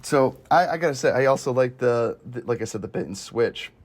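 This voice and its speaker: A man hosting a casual movie review chat, animated and laughing often. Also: mid-range voice, fairly quick. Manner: animated, laughs a lot, says "dude". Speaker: podcast host.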